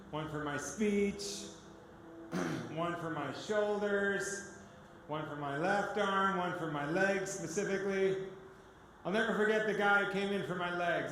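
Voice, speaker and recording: A man giving a personal testimony to a gathering, telling his story in an animated way, often laughing and acting out the dialogue. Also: high-pitched, a little hiss or hum. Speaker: guest speaker. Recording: echoey hall recording.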